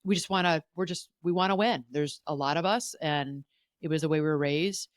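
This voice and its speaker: A woman's voice: low voice, a little fast, no echo, clean studio sound. A woman therapist hosting a podcast, giving earnest advice in a coaching tone and often repeating herself. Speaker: podcast host, family therapist.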